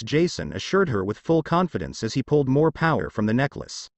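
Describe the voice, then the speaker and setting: Lively male fan fiction narrator. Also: medium pitch, brisk, dry recording.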